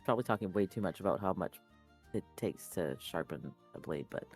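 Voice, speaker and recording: Very deep-voiced woman player. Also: animated, a little fast, darkish tone, faint music behind. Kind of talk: casual tabletop gaming chat.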